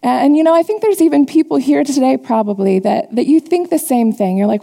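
Gravelly-voiced woman preaching in a reverberant hall. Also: sits high, big pitch swings, normal speed, warm tone. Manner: earnest, confessional storytelling to a congregation. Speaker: church teacher. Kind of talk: sermon with personal testimony.

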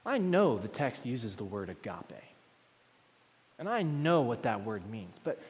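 Man preaching in a big echoing hall, average pitch, animated, drops to quiet asides. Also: a little slow. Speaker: pastor. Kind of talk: sermon. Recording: long hall reverb.

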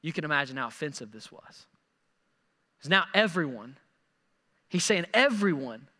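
A man preaching a sermon, animated and repeating words as he acts out scripture quotes. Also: a little high, normal speed, big-room sound. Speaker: pastor.

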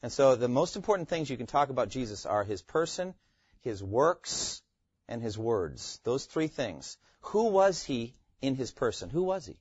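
A man's voice: mid-range voice, big pitch swings, moderate pace, a little mellow, slightly rough, no room sound, muffled recording. A man teaching a Bible class, quizzing his students and repeating key phrases.

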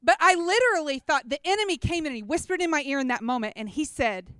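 A woman giving a chatty, animated personal testimony to a gathering, often checking in with listeners. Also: high voice, quick pace, no echo, clean studio sound. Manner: chatty, animated storytelling with props. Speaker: speaker at a church gathering.

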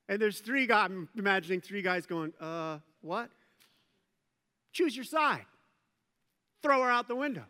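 A man's voice: sits high, long reverb tail. A middle-aged male pastor preaching a sermon, retelling a story with playful jokes and asides. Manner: animated storytelling with joking asides.

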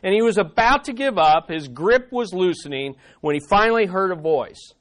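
A male pastor preaching a sermon, telling a story in an animated, conversational way. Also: high-pitched, moderate pace, hardly any pauses.

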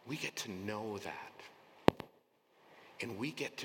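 A male pastor preaching an earnest, emphatic sermon in a church, sometimes dropping to a soft near-whisper. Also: lowish voice, expressive, takes it slowly, heavy background noise. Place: church sanctuary. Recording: long hall reverb, faint room ambience.

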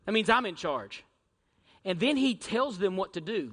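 A male pastor preaching a sermon in a church, dramatic, swinging from shouts to hushed near-whispers and firing rhetorical questions at the congregation. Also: high-pitched, sing-song, moderate pace, in a large hall. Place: church sanctuary.

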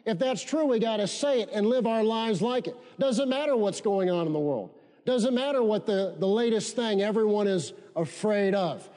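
A male pastor delivers a sermon in a high yet mellow voice, hammering key phrases through repetition and calling on the congregation to repeat after him. His voice carries a long reverb, as if recorded in a large church hall. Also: lively intonation, moderate pace. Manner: emphatic repetition, leads congregation in call-and-response.

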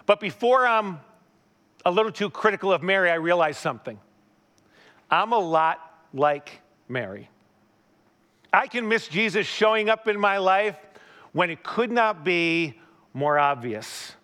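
A man preaching a conversational sermon, retelling a story with animated asides and questions to the listener. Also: sits high, measured pace, pauses often. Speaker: pastor.

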